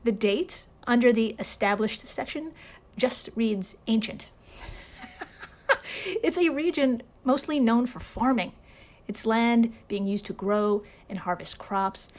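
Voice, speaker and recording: A woman's voice: a little high, takes it slowly, a little mellow. A woman hosting a podcast in a casual, sarcastic style, swearing and laughing often as she narrates. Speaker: podcast host.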